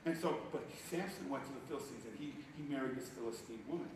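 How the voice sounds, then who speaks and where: A male pastor from Ohio preaching a sermon, swinging between loud bursts and hushed asides. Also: medium pitch, fast, far from the mic, noisy background. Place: church sanctuary. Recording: echoey hall, picked up from afar.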